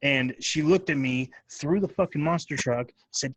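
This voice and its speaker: A podcast host, a man, tells family stories in loose, profanity-filled chat. His voice sits at an ordinary pitch. It sounds dry and close, with no room echo. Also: moderate pace. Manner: profane, animated storytelling. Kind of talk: casual chat.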